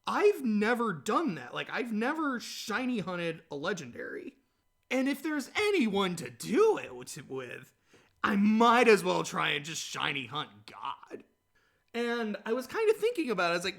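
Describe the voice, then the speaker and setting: Chatty, animated man with a high voice. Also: normal speed. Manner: rambling, chatty, animated storytelling with laughs. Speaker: podcast host. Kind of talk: casual solo talk.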